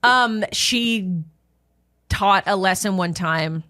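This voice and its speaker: A woman's voice: mid-range voice, slow, bright, forceful tone, no echo, clean studio sound. A woman co-hosting a podcast, telling stories in casual chat, full of "like" fillers. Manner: chatty, storytelling with lots of "like" fillers. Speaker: podcast co-host.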